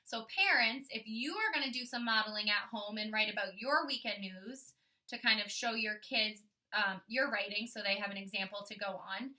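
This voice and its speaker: A young woman teaching kindergarten, modeling writing and thinking out loud as she slowly sounds out letters for young children. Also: medium pitch, recorded from a distance.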